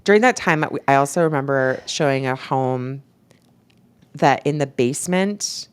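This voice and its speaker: A woman's voice: measured pace, clear, resonant tone. A woman, a podcast co-host telling stories in casual chat, acting out quotes and using lots of "like". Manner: animated storyteller, acts out quotes with a jumping pitch; many "like" fillers. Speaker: podcast co-host and real estate agent.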